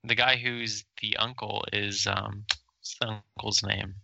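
A man with a low but very bright, sharp voice trades quick, laughing banter as a podcast co-host. The recording is close and dry, with no room sound. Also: level tone, creaky, no room sound. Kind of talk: casual chat.

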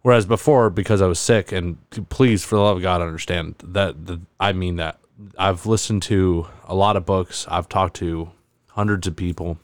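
Young man, low voice, halting casual chat, dry close sound. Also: steady tone, no echo. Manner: halting, with many fillers and restarts.

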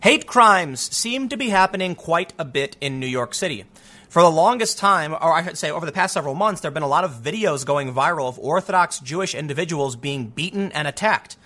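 A man hosts his own commentary show in a somewhat raised, bright and forceful voice. He talks conversationally, circling back with restarts and asides as he weighs both sides of an issue. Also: fairly high pitch, expressive, brisk. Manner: conversational, thinks aloud with frequent restarts and asides. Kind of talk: casual opinionated commentary.

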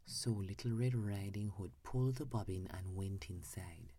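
A woman narrator reading a bedtime fairy tale in a soft, hushed whisper. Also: a bass voice, normal speed, breathy edge.

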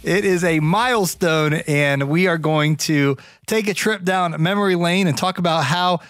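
A man hosts a podcast and tells a long story in a loose, rambling way. His voice sits a bit high for a man, and he keeps stopping to restart with "um" and "uh". The sound is dry and close, with no room echo. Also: unhurried, a bit bright. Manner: rambling, full of fillers and restarts; reflective, grateful. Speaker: podcast host. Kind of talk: casual storytelling monologue.

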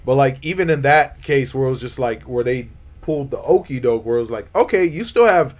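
A man hosting a casual chat, talking in a laid-back, slangy way and chiming in with quick agreement. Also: mid-range voice.

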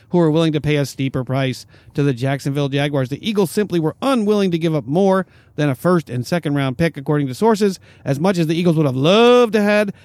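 A man hosting a sports talk show, who reads out news reports briskly and then turns to banter with his co-hosts. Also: fairly high pitch, no echo. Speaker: podcast host.

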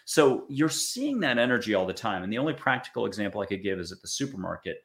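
An American man, a spiritual speaker, gives a casual talk to an audience, chatty and acting out little quoted voices. His voice is lowish and fairly bright, with big pitch swings and a fast pace.

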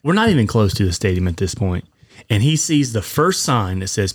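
A man co-hosting a podcast, telling a story in a lively, foul-mouthed way and acting out what others said. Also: medium pitch, moderate pace. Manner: animated, profane, acts out quotes. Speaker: podcast co-host. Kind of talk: casual storytelling.

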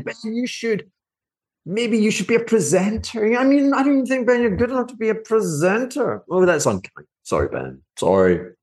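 Sarcastic animated middle-aged man. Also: high voice. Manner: mocking, cranky, animated asides. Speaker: market commentator and former fund manager. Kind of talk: sarcastic reaction commentary.

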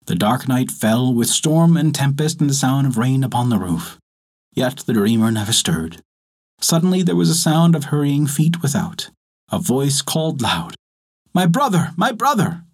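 A man reading a folktale aloud as a storyteller, in measured, expressive narration. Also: medium pitch, breathy edge. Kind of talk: scripted narration.

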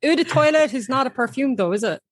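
A woman's voice: high-pitched, lively intonation, fast. Woman cohost cracking jokes, crowd noise in the back. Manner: joking banter. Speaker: podcast co-host. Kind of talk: casual podcast chat.

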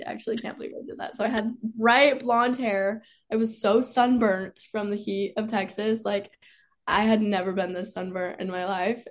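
Young woman cheerleader rambling thru her story, lots of "like", mid pitch, laughy. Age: young adult. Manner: chatty, peppered with "like", laughs often. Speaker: guest, college cheerleader. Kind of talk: casual storytelling.

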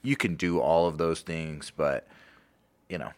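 A man with an extremely deep voice hosts a podcast in a relaxed way. His speech is loose and conversational, full of fillers. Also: measured pace, no echo. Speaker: podcast host, alumni director.

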